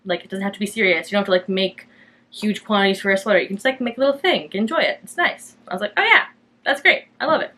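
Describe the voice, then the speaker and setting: A woman's voice: medium pitch, racing. A young woman from Canada hosting a knitting podcast, chatting casually and rambling with lots of fillers. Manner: chatty and rambling, many fillers, bright lifts when quoting herself. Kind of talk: casual chat to camera.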